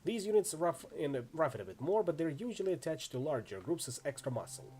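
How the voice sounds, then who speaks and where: A man's voice: fairly high pitch, very animated, brisk, dark tone, soft background music. Man voicing a brash female mercenary. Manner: chatty, wry storytelling. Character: brash tough female mercenary, story-loving.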